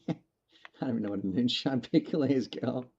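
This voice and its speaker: Mellow self-mocking man streamer. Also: mid-range voice, animated, moderate pace, husky, highs cut off. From not from the local rural area. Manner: musing, self-deprecating, laughs often. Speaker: gaming streamer. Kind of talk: casual chat while playing.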